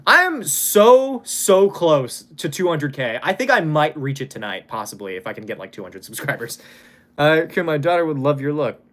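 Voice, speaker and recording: A man's voice: fairly high pitch, sing-song, normal speed, a bit bright. A young man from Hawaii chatting casually on a live stream, reading donations and swearing now and then.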